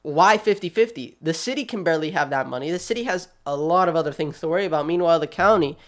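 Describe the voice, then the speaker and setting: A man hosting his channel, giving quick, chatty, animated commentary with a sassy streak, talking straight at the people he discusses. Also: a little high. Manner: quick, chatty, restarts often. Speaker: channel host. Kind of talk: casual video commentary.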